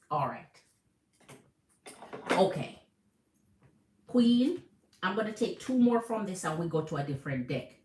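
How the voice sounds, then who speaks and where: Jamaican woman tarot reader, low voice, echoey room, lively and repetitive. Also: a little hiss or hum. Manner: animated, repeats phrases, calls viewers Queen. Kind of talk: live tarot reading to viewers.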